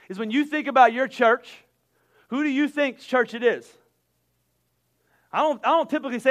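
A man, preaching a sermon with energetic, repetitive emphasis that builds to loud peaks. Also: extremely high pitch, moderate pace, pauses often. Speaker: pastor.

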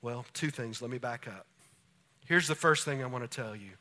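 A man preaching a sermon as pastor, animated, often acting out little scenes for his listeners. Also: medium pitch, moderate pace.

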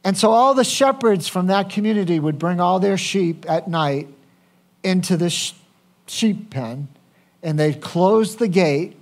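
A man's voice: high-pitched, lively intonation, measured pace. A man preaching a sermon, speaking conversationally and asking the congregation questions. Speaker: pastor.

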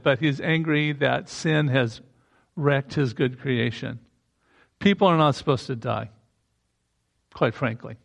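A man's voice: fairly high pitch, vocal fry. A man preaching a sermon in a conversational way, breaking into emphatic rising bursts.

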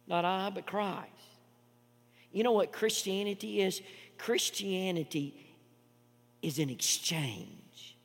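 A man preaching a sermon as pastor, emphatic and full of repetitions, swinging between loud declarations and hushed asides. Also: high-pitched, vocal fry, long reverb tail.

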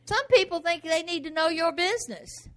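A woman's voice: extremely high pitch, normal speed. A woman preaching a sermon emphatically, firing off rhetorical questions.

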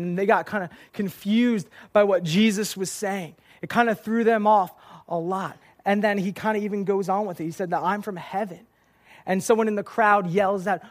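A man's voice: sits high, normal speed. A young man preaching a casual youth sermon, telling stories with lots of filler words. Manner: lively storytelling with filler words. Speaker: youth pastor.

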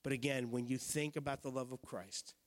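A male pastor delivers a sermon in a church sanctuary, speaking in a loose, conversational way with bursts of emphasis. At times he drops to a hushed, intense tone. His medium-pitched voice carries a long reverb from the hall. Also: fairly even intonation, fairly quick.

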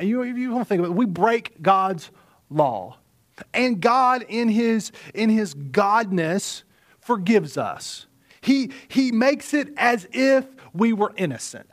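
Earnest male pastor preaching slowly. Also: high-pitched. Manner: earnest preaching, repeats phrases for emphasis, drops to near whispers. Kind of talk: sermon.

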